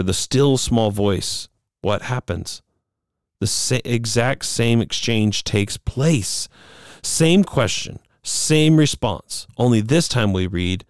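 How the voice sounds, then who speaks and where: A man teaching a Bible study lesson, measured and emphatic, slowing down on key words. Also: on the low side, dry recording, studio quality.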